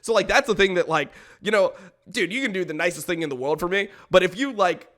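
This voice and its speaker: A man's voice: high-pitched, fast talker, fairly bright tone. A man co-hosting a casual podcast, talking hesitantly with many fillers. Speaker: podcast co-host.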